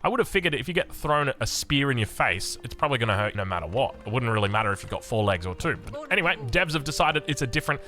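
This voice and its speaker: A man with an Australian accent casting a strategy game in excitable, chatty commentary. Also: mid-range voice, fast, hardly any pauses. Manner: excitable, animated, chatty, laughs often. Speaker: game caster.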